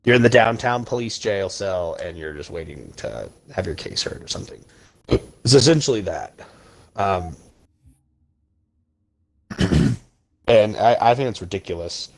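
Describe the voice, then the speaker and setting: A man's voice: fairly low pitch, sing-song, a little slow, creaky, long pauses. A young man hosting a podcast, ranting heatedly with emphatic insults while chatting casually over a video game. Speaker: podcast host.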